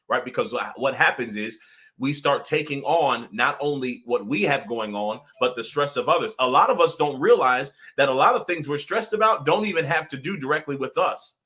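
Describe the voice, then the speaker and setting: A young man coaching viewers on a live stream, energetic and chatty, laughing often and acting out little dialogues. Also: medium pitch, fairly quick. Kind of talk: motivational live-stream talk.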